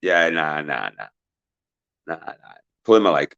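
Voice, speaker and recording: A man's voice: rumbling low, sing-song, gravelly, lo-fi sound. Man hosting a banter-filled quiz stream. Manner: banters with chat, quick shout-outs, swears casually, laughs often. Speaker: livestream quiz host. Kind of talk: casual live-stream chat.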